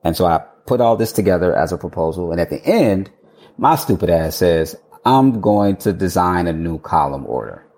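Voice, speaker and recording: A man with a low, dark, mellow voice recounting his career as a guest in a relaxed interview. He slips into his past self's words as he goes, laughs often and doesn't hold back the swearing. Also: moderate pace. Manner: animated, quotes himself, swears and laughs freely. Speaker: architect guest. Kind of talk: casual storytelling interview.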